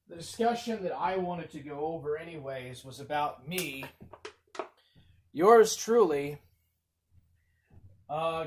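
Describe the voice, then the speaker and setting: A man talking slowly in a somewhat high voice, hosting a livestream. He rambles and repeats himself, answers chat messages, and swings between speaking up and muttering. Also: slight background noise. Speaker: livestream host.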